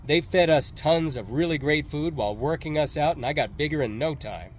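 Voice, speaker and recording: A swaggering, cold-edged ex-sailor, as a male reader plays him boasts through his past in an audiobook. His tone is sardonic and dismissive, and his voice swings widely in pitch, sitting a little high for a man. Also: animated, fairly quick, a little hiss or hum, close to an everyday voice. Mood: cocky. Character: cocky, cold ex-Navy man with a secret past.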